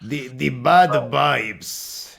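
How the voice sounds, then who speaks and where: A man voicing a polite, hesitant old male veteran who speaks with a halting, courteous manner. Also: mid-range voice, vocal fry, a bit bright, exaggerated voice.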